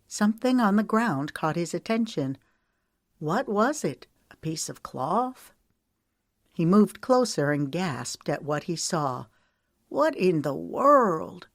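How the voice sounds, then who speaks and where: Woman audiobook narrator, low register, measured, very dry booth sound. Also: no echo.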